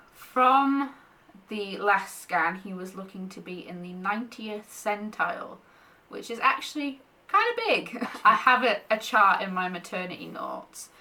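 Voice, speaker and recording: A woman's voice: medium pitch, sharp tone, far from the mic. A young woman in pregnancy, chatting casually to camera and often short of breath, laughing between thoughts. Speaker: vlogger sharing pregnancy updates.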